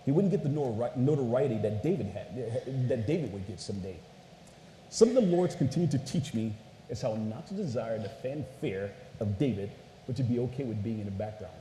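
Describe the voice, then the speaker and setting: A man's voice: medium pitch, mellow. A man preaching a casual storytelling sermon, chatty and playful, often saying "you guys" to the crowd. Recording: echoey hall with faint noise.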